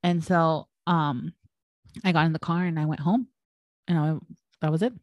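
A woman's voice: deep voice, steady tone, moderate pace, darkish tone, no room sound, dull audio. A woman in her late twenties co-hosting a podcast, telling stories in casual chat with lots of swearing and laughter. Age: late 20s. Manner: profane, laughing storyteller. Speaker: podcast co-host.

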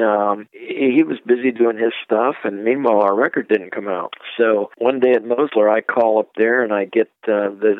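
An older record producer from Ohio, guesting on an interview, spins rambling anecdotes and imitates the voices of the people he quotes. His mid-range voice comes through a tinny, phone-like line that is dry, with no echo.

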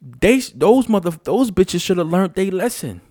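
A vlogger with a high-pitched, darkish voice rants casually and without a script, his pitch swinging widely while he speaks a little slowly. He's blunt, profane and emphatic, repeating his points again and again, in clean studio sound with no room noise.

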